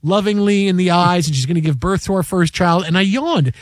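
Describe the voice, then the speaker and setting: A high-pitched man in his forties hosts a sports talk show, telling stories in a loose, animated way and jumping into a loud, raised voice when he quotes someone. The sound is close and dry. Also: a little fast, no echo. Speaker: sports radio host. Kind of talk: casual sports talk and storytelling.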